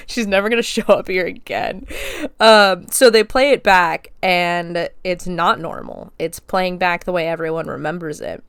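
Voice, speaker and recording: Smooth-voiced woman recapping a film. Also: lowish voice, steady tone, moderate pace, fairly bright tone, no echo, clean studio sound. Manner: chatty, swears freely, acts out quotes. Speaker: podcast host. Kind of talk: casual movie recap.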